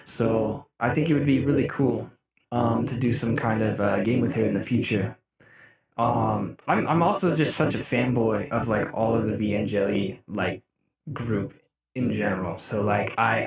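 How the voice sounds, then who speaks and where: A young man streaming live, chatting casually with his viewers, laughing often and breaking into mock-outraged shouts. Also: mid-range voice. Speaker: music streamer. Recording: roomy echo.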